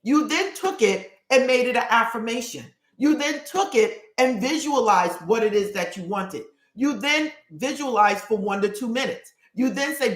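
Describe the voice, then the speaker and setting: A woman coaching her live stream viewers through a spiritual ritual, earnest and quick, repeating phrases as she goes. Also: fairly high pitch, lively intonation. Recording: roomy echo.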